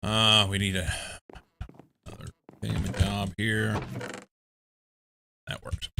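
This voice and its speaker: A man's voice: lowish voice, flat delivery, vocal fry, background noise. A man streaming a game, chatting casually with viewers and musing to himself as he plays. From England. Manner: slow, musing, talks to himself and to chat. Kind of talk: casual live-stream chat while playing.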